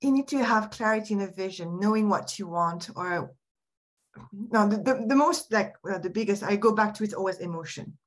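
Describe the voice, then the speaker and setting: Reflective woman coach, halting speech. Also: medium pitch. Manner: reflective, halting, with many restarts and soft laughs. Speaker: mindset and happiness coach, guest. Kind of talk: casual podcast conversation.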